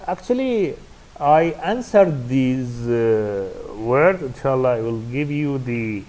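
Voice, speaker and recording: Slow-paced man with an Iraqi Arabic accent. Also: mid-range voice, darkish tone, rough recording. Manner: hesitant, many fillers and restarts. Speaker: university English lecturer. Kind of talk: recorded classroom lecture.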